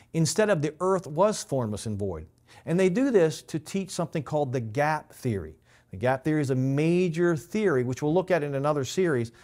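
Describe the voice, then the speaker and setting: A man's voice: a little high, darkish tone. Methodical man teaching Scripture. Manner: methodical, explanatory, stresses key words. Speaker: pastor. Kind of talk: Bible teaching.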